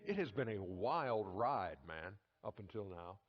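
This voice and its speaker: A man playing a studio host in a basketball video game, presenting in a brisk, upbeat way. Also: lowish voice, lively intonation. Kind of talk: scripted sports studio hosting. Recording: dull lo-fi game audio.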